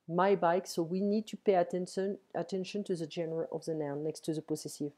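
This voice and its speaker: This is a relaxed online French lesson, one-on-one, given from home by a woman with a French accent and a lowish voice using a computer mic. She explains things slowly step by step, mixing French and English, with lots of "ok"s.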